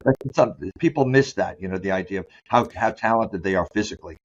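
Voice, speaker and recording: A man being interviewed as a sport psychologist, talking candidly and loosely, often restarting his sentences and slowing down to stress key words. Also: on the low side, a little hiss or hum. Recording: dull lo-fi sound.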